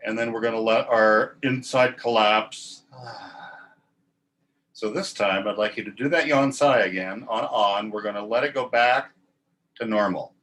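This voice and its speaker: A man teaching a choir warm-up, talking through breathing and vowel sounds and demonstrating them in calm, instructive speech. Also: lowish voice, moderate pace. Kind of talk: guided vocal warm-up lesson.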